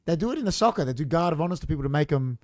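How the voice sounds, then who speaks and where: A young man co-hosts a podcast in loose, joking chat, swearing as he talks. His voice sits a little high for a man, and the studio sound is dry and close. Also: animated, rapid-fire, a little mellow, dry recording. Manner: banter, swears freely. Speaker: podcast co-host. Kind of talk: casual chat. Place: small studio.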